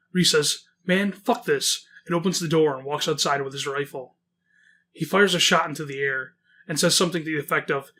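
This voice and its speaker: A man's voice: a little high, bright, forceful tone. A man reading a horror story aloud and chatting about it, rambling and swearing casually.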